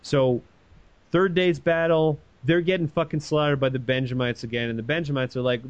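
A man's voice: medium pitch, steady tone, normal speed, muffled recording. A man casually retelling a story in an irreverent, profane way, acting out the quoted voices. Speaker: podcast host retelling a story.

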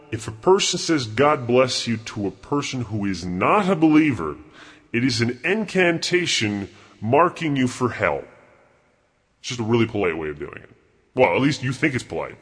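A man playing a crude, contemptuous God in a comedy bit, talking in a profane, rambling, mocking way with a husky voice. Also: mid-range voice. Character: crude arrogant male God, bored and contemptuous.

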